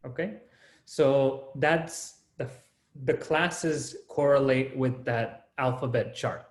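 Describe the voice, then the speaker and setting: A man's voice: mid-range voice, unhurried, roomy sound. A man teaching an online class, explaining rules step by step and often checking in with the students. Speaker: Sanskrit teacher.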